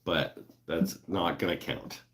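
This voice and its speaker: A man's voice: low-pitched, takes it slowly, background noise. A man hosting a casual livestream from his woodworking shop, chatting loosely and jokingly with viewers. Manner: laid-back, joking, lots of fillers and laughs. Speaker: livestream host. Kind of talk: casual livestream chat reading viewer comments.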